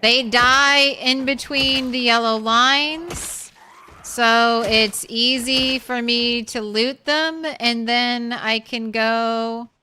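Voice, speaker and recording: Young woman, game streamer, casual chat, bright clear voice, slow unhurried talk. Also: a little high, fairly even intonation. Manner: chatty, talks sweetly to her cat.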